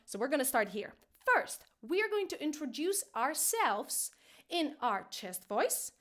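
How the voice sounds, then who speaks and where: A woman teaching an online singing lesson, encouraging and playful, now and then jumping into a high head voice. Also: fairly bright tone.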